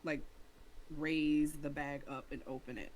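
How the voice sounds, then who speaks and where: A tabletop player speaks hesitantly and often starts over. The voice sits at a middle pitch. Faint noise is heard behind it. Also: level tone, measured pace, poor audio. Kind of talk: playing a tabletop game.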